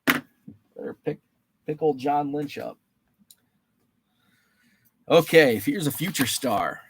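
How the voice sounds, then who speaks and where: A man's voice: a little high, expressive, slow pace, a bit bright, slightly rough. A man hosting a live stream, running a guessing game with trading cards, reading out viewers' names and answers in a chatty, playful way. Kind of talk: casual live-stream chat.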